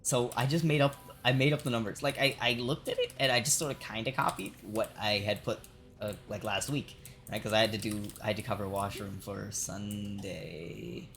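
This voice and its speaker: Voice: medium pitch, steady tone, moderate pace, fairly bright tone, soft background music. A young adult game streamer telling a long work story while playing, swearing often, laughing, and filling with "like" and "right?". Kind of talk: casual rambling storytelling while gaming.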